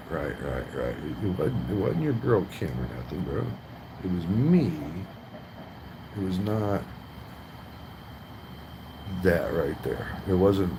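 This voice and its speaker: A man's voice: low voice, gravelly, background noise. A man livestreaming, taunting and mocking people in a profane, trash-talking rant.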